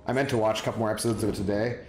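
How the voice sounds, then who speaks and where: A man's voice: lowish voice, steady tone, rapid-fire. Rambling male streamer, roomy sound. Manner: rambling, chatty, answers chat by name. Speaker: game streamer. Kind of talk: casual live-stream chat. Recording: roomy, with background music.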